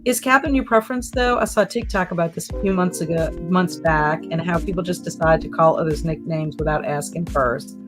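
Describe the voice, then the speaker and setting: A woman hosting a relaxed live stream, chatting in a rambling way and reading out viewer comments. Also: sits low, fairly quick, few pauses. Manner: rambling, chatty, lots of fillers. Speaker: livestream host reading chat comments. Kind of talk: casual chat. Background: soft background music.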